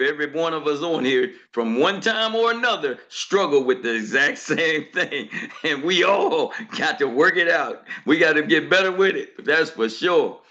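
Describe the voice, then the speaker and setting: A man hosting a group coaching call in a lively, folksy way, laughing often as he hands over to speakers. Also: on the high side, dull audio. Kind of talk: casual motivational chat.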